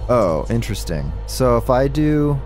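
Excitable guy thinking out loud while playing puzzles live, swoopy voice. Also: mid-range voice, a little slow, soft background music. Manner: excitable, joking, thinks aloud. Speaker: streamer. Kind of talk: live gameplay commentary.

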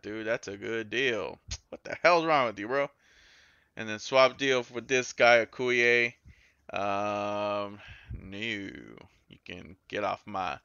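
Excitable man yelling over gameplay. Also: mid-range voice, clear, resonant tone, no room sound, muffled recording. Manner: excitable, yells and swears at the game. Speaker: gaming YouTuber. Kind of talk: casual gameplay commentary.

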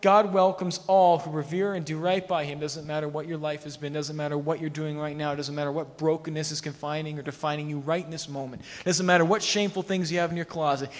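Male Canadian pastor, higher voice, playful storytelling sermon, reverberant church sanctuary. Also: flat delivery, fast, few pauses. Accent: Canadian English. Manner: conversational, acts out quoted dialogue with humor. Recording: long church hall reverb.

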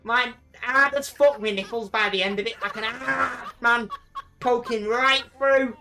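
A man, a gaming streamer who banters, swears and shouts during play. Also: very high voice, steady tone, a little slow, vocal fry, noisy background. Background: background music.

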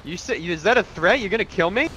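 A man's voice: high-pitched, animated, fast, crowd noise, low-quality recording. A man role-playing an angry, insulting motorist in a game, arguing with road workers and police. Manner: irate, insulting, argumentative. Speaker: roleplayer as an angry stranded motorist. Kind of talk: game role-play chat.

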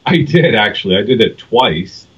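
A man from California, a guest on a podcast, recounting his travels in a measured, thoughtful way with frequent fillers. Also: lowish voice, expressive, a bit bright, slightly rough, dull audio. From California, USA. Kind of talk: casual podcast interview.

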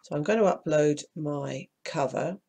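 Tutor, croaky and gravelly with hay fever, calm step-by-step screen walkthrough. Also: mid-range voice, unhurried. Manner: practical, explains step by step, mild asides of annoyance. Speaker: self-publishing tutor.

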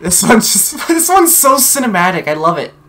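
Excitable swearing man commentating a game. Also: sits high, moderate pace. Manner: excitable, yelling reactions, heavy swearing. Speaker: let's play host and player. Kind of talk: casual gameplay commentary.

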